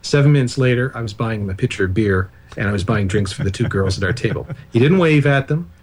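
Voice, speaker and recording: A man's voice: lowish voice, lively intonation, fast, a little mellow, husky. A man speaking as the guest author on a radio interview, explaining ideas at length with digressions and self-deprecating asides.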